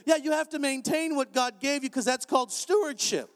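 A man preaching an energetic sermon in a large church, animated and joking with bursts of shouting. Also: very high voice, fairly quick, few pauses. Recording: long hall reverb.

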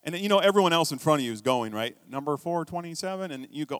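A middle-aged man preaching a sermon as a pastor, telling stories in a conversational way, with quiet asides and sudden emphatic bursts. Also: a little high, expressive, fast talker, clean tone, dry recording, clean studio sound.

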